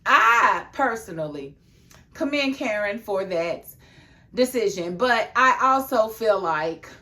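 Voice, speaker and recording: A woman giving a casual video review of a TV episode, talking emphatically and laughing often, then dropping into a lower, confiding tone. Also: slow. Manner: emphatic and animated, with frequent laughs; chatty, drops into a low, confiding tone.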